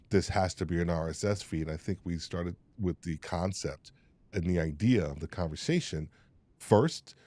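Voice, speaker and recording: A man hosting a live podcast panel, talking in halting, repeated starts. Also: low voice, dark tone, dry recording. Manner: halting, restarts often, gets emotional and laughs. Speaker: host.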